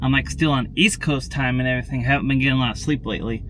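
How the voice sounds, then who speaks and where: A man's voice: mid-range voice, fairly even intonation, very fast, fairly bright tone, slight background noise. A man chatting casually to viewers in a daily vlog. He rambles and repeats himself, constantly adding "and everything" and "tell you what.". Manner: talks straight to viewers, repeats words. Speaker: daily vlogger.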